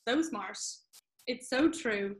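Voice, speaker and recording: A woman's voice: a little high, slow. A woman hosting a casual podcast interview, agreeing with her guest and praising him with enthusiasm. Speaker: podcast host.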